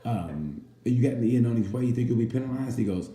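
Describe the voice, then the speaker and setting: A man's voice: mid-range voice, lively intonation, fast, dark tone. A man in casual chat about a motorcycle race, rambling and jokey, sometimes slipping into playful impressions. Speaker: racing commentator. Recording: roomy with faint background noise.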